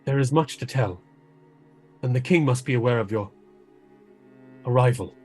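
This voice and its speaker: A man doing a solemn fantasy guard with stiff, formal phrasing, kept low and soft. He sounds grave and composed. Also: faint music behind, close to an everyday voice. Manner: formal, measured speech. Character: solemn male guard of a great hall.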